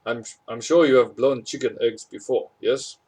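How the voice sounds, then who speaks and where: A man voicing a booming older male museum egg collector who explains things slowly and repeats his words. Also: steady tone, darkish tone, husky. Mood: instructive.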